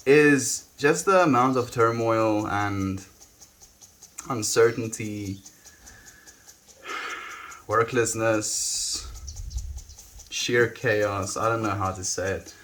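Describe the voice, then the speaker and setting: Young south african guy streaming, chatty and soft, kinda low voice, lots of "you know". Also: drawn-out words, pauses often, slight background noise. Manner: chats with viewers, trails off with "you know". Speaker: livestreamer. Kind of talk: casual live-stream chat.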